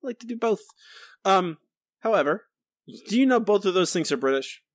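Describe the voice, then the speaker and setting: A man's voice: high voice, expressive, normal speed, dry recording. A man co-hosting a podcast, playfully sarcastic and mock-explaining jokes. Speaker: podcast co-host. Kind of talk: casual chat. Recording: dry podcast mic.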